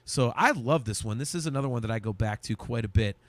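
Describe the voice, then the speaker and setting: A man hosting a podcast, talking about music in relaxed, enthusiastic casual chat. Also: mid-range voice, fast. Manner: relaxed, enthusiastic, drops in fillers. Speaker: podcast host.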